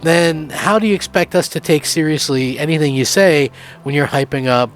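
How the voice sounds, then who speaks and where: A man hosting a gaming channel, giving excited, rambling opinion commentary with lots of fillers. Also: a little high, normal speed, slight background noise.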